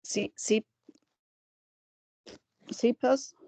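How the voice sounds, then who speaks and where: A woman's voice: extremely slow, dark tone. A woman student answering hesitantly and checking herself over a video call.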